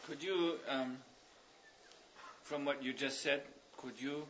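A man leading a religious class, explaining ideas at length in a thoughtful, meandering way with pauses and fillers. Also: medium pitch, steady tone, fairly bright tone, slight background noise. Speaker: spiritual teacher leading a class. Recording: dull lo-fi recording.

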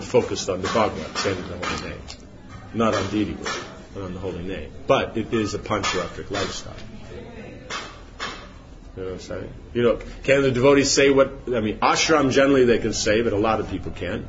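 A man's voice: on the low side, highs cut off, slight background noise. A man giving an informal spiritual class, rambling with many rhetorical questions and asides. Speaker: spiritual teacher.

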